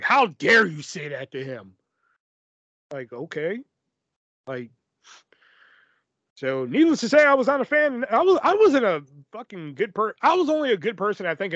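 Lively, profane man telling stories. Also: high-pitched, dry recording. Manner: profane, rambling, filler-heavy. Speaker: podcast host. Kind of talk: casual storytelling chat. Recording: dull lo-fi, dry.

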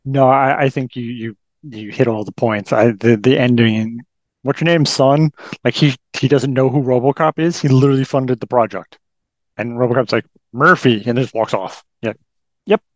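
A man co-hosting a podcast, chatting about a film in a hesitant, halting way and often repeating words. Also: medium pitch, fairly even intonation, a little mellow, no echo, lo-fi sound. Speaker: podcast co-host. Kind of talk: casual movie review chat.

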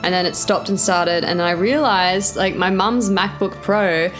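A woman's voice: fairly low pitch, moderate pace. Young female podcast co-host, rambling storyteller, filler-heavy, light music underneath. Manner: chatty, rambling with many fillers and giggles. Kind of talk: casual chat, storytelling.

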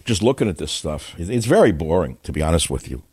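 A man's voice: sits low, very animated, fast, darkish tone, slightly rough. An older man hosting a radio talk show, delivering a combative, sarcastic, rambling monologue full of insults. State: winded.

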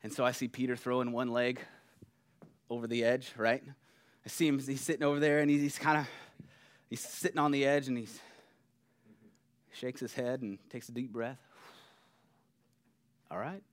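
A pastor preaching a sermon in a conversational, animated way, often checking in with the listeners. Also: male voice, medium pitch, normal speed, pauses often. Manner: conversational, animated, keeps asking "right?".

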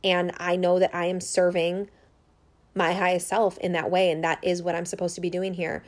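A woman in her thirties talks straight to her viewers in an earnest, heartfelt personal vlog. Her voice sits a little low for a woman. She rambles unscripted, leaning on fillers as she speaks. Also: little pitch movement, moderate pace. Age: 30s. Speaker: holistic healer and business owner.

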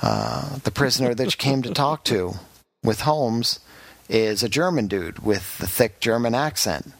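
A man's voice: medium pitch, animated, unhurried, gravelly, fairly bright tone, dry recording. A man hosting a podcast, giving a frank, rambling game review in casual chat, with many fillers and restarts. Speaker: podcast host reviewing games.

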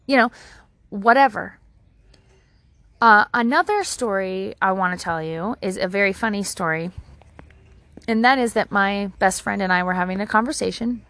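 A woman's voice: mid-range voice, normal speed, long pauses, fairly bright tone, no room sound. A woman talking straight to camera outdoors at her home, giving casual advice in a candid, rambling way and swearing freely. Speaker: vlogger.

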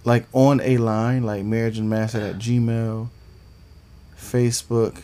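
A man's voice: medium pitch, flat delivery, measured pace, warm tone, smooth. A man co-hosting a casual podcast chat in a laid-back, easygoing way. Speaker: podcast co-host.

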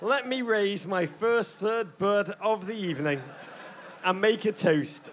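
A man's voice: sits high, a little slow, slight background noise. Theatrical English man hosting live. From England. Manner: theatrical, mock-grandiose, self-deprecating. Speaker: podcast co-host. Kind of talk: live podcast banter on stage. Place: theater stage before a live audience.

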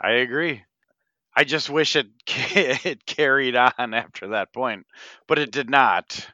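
A man co-hosting a podcast, giving measured opinions in a casual, unhurried way. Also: mid-range voice, pushed and bright, no echo, dull audio. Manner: unhurried, mostly short agreeing replies. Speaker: podcast co-host. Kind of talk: casual movie-review chat.

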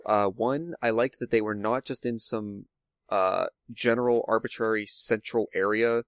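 A man's voice: fairly low pitch, steady tone, moderate pace, clean tone, dry recording, clean studio sound. A man discussing a movie in casual chat, rambling and thinking aloud with lots of fillers.

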